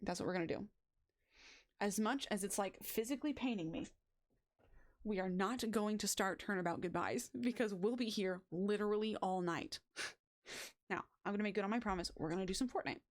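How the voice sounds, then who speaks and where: A woman's voice: medium pitch, a little fast. Gushing, rambling young woman streamer. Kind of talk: casual game stream chat. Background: faint background music.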